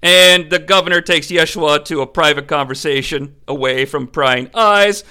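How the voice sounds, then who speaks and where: A man's voice: on the high side, moderate pace, pushed and bright, smooth. A man hosting a comedic movie recap, narrating in a sarcastic, profane way. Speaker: movie review host.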